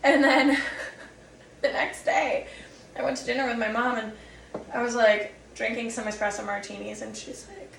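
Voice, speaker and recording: A young woman chats through a rambling vlog story, her slightly high voice dipping into gravelly fry. She is set back from the mic in an echoey room. Her delivery is loose and filler-heavy. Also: steady tone, normal speed, distant mic, a little hiss or hum. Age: young adult. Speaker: vlogger. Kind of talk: casual storytelling chat.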